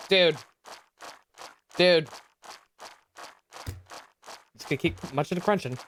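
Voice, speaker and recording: A woman's voice: fairly low pitch, slow, long pauses, a little hiss or hum. A woman streaming a game, chatting casually, joking, swearing and laughing as she reads along. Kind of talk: casual let's-play chat with voice reading.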